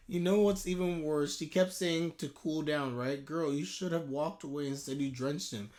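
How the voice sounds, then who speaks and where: A man ranting in a live anime reaction, heated and exasperated, with sudden loud outbursts. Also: on the high side, normal speed, hardly any pauses.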